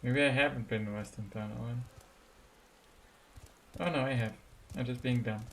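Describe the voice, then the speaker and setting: A man's voice: medium pitch, fairly even intonation, normal speed, creaky, fairly bright tone, slight background noise. A man streaming a game playthrough, muttering casual asides and reading the on-screen text aloud. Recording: game music behind.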